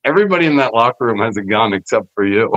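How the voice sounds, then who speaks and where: A man's voice: mid-range voice, quick pace, dry recording. A man, a former wrestler, telling backstage stories in a casual interview, acting out quoted voices with plenty of swearing. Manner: animated storyteller, acts out quoted voices with profanity. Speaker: podcast guest, former wrestler. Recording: dull, lo-fi podcast audio.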